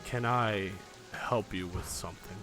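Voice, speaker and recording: A man voicing an eerily polite male villain leader, soft, slow and courteous. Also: fairly low pitch, over music.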